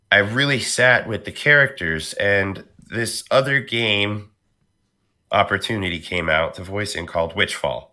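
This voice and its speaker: A male voice actor chatting casually on a podcast, telling stories about his roles with animated energy and a touch of New York accent. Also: lowish voice. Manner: animated storyteller, slips into character voices.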